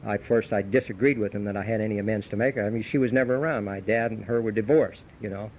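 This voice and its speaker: A man's voice: fairly low pitch, fast, muffled recording. Middle-aged man, folksy storyteller, meeting talk, old cassette with faint hum. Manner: folksy storytelling, animated when telling the anecdote. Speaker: AA speaker. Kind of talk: recovery talk. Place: meeting hall.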